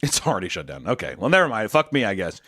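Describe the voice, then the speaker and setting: A young man streamer answering chat questions in casual, crude, jokey talk, jumping from loud bursts to low mumbles. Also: sing-song, fast talker, dry recording, studio quality.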